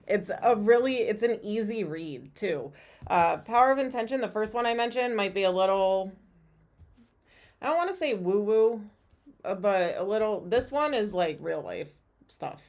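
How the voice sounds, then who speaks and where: A woman's voice: medium pitch, animated, a little slow, pauses often, darkish tone. A woman tarot reader hosting a casual live stream, chatty and rambling with many fillers.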